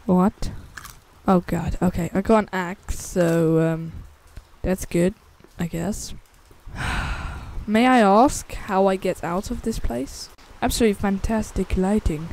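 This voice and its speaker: A gaming channel host plays a horror survival game and narrates it in a let's play, her mid-range voice slow and a little mellow. She's jumpy, swears constantly, and shrieks whenever something startles her.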